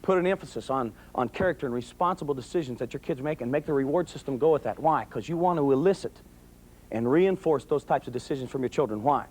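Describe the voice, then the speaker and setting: A man's voice: medium pitch, expressive, quick pace, breathy edge. A middle-aged man, a police sergeant, giving a motivational talk to parents, with an emphatic, repetitive, preacher-like cadence and folksy storytelling. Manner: folksy storytelling, bursts of yelling when acting out anecdotes.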